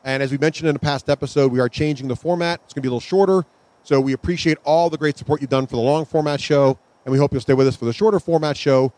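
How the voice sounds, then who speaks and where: A man's voice: fairly high pitch, steady tone, very fast, a little mellow. A man co-hosting a live podcast at a convention, speaking in an upbeat, enthusiastic way. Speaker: podcast co-host.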